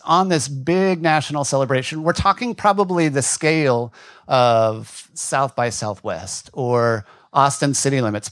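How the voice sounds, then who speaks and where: A man's voice: fairly high pitch, dry recording. A male pastor giving a conversational sermon in a church, joking with the congregation now and then, his voice wearing thin. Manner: conversational, asides and jokes to the congregation. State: losing his voice. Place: church hall.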